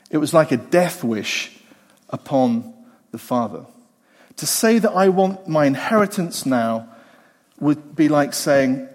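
A man preaches a sermon in an animated way and slips into the voices of the people in his story. His voice sits a little high for a man. A long hall reverb trails behind every phrase. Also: moderate pace.

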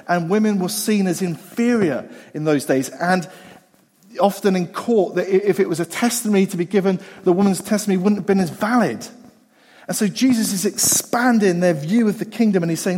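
A man preaches a sermon in an animated way and slips into the voices of the people in his story. His voice sits a little high for a man. A long hall reverb trails behind every phrase. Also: fairly quick.

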